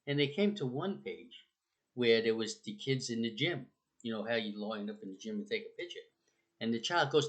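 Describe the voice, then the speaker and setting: Rambling man telling stories. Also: fairly bright tone. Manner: rambling, conversational, with many fillers and restarts; acts out quotes with raised pitch. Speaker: speaker on the afterlife. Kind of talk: casual storytelling talk.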